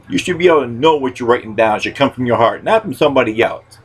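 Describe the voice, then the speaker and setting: Brief: husky man, mid pitch, podcast host, loud and profane storyteller. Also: animated, fast talker, poor audio.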